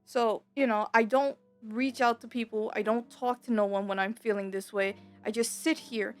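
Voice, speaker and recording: A woman's voice: fairly high pitch, steady tone, normal speed, faint music behind. A young woman gaming YouTuber talking candidly at home in a rambling, confiding way, full of fillers and restarts. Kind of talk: candid personal vlog talk.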